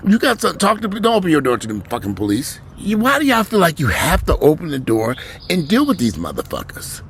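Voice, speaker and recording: A man ranting bluntly and profanely to his viewers from home, with sudden loud rises in a voice. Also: on the high side, huge pitch swings, fairly quick, slight background noise. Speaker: vlogger.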